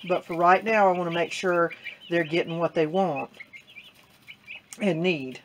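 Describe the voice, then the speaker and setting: Woman homesteader, unhurried, lower voice, halting delivery full of fillers, faint noise behind. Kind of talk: casual explaining.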